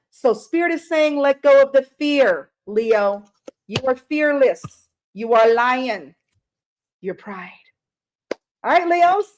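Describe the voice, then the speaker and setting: A middle-aged woman giving a chatty live-stream tarot reading, greeting viewers by name and swearing casually. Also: high voice. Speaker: tarot reader.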